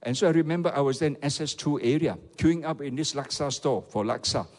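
A man's voice: fairly high pitch, a little fast, a little mellow, long reverb tail. A man with a Malaysian English accent, a pastor preaching a sermon and often calling on the congregation to respond. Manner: rhetorical, repeatedly asks the audience for replies.

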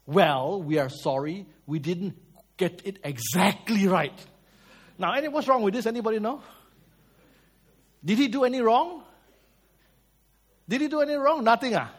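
A man preaches. His voice sits a little high for a man. He tells lively stories, swings between loud and soft, and asks his listeners questions. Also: normal speed, long pauses, husky. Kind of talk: sermon.

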